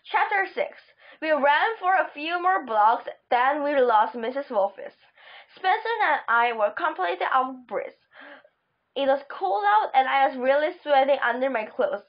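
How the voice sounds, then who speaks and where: Woman reading a children's chapter book, trips over words, high voice, muffled sound. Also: lively intonation. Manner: halting, stumbling over words. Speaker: audiobook reader. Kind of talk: children's book read aloud. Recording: dull lo-fi recording.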